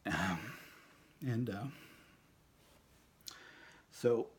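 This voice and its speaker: Middle-aged man telling a halting personal story. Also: on the low side. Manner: halting, many fillers and restarts; fond, reminiscing. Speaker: storyteller at a tribute. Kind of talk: personal anecdote, casual.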